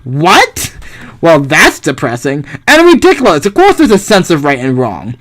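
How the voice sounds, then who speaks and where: A man voicing an earnest young male philosopher hero in a game, lively and incredulous. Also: fairly high pitch, normal speed, heavily acted.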